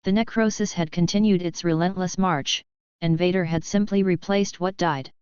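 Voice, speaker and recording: A woman reading a fan story as narrator in a measured, even way. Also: fairly low pitch, clear, resonant tone, no echo. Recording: dull lo-fi dry.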